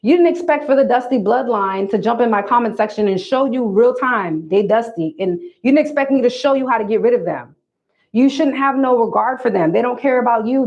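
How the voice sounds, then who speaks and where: A woman's voice: fairly high pitch, dull audio. Emphatic, preachy woman on a livestream. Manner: emphatic, preachy, addresses viewers as y'all. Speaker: livestream host giving dating advice. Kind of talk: casual livestream talk to viewers.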